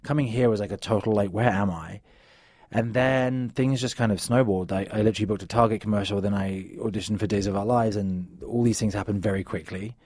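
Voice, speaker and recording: Man, English accent, low voice, dry close sound, casual storytelling guest. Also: a little fast, no echo. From England. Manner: relaxed, storytelling, laughs easily. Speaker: guest, actor and former model. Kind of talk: casual interview chat.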